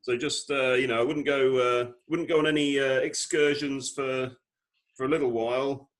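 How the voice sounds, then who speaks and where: A man's voice: mid-range voice, fairly even intonation, normal speed, fairly bright tone. A man playing a tabletop game in casual chat, laid-back and hesitant with many fillers. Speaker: player.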